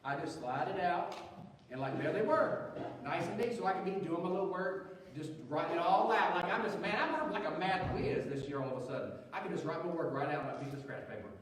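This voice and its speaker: A man's voice: high-pitched, fairly quick, slight background noise. A male pastor, telling a humorous story in a sermon and acting out the voices of others. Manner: animated, joking, acts out quoted voices. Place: large church hall. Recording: echoey church hall, far from mic.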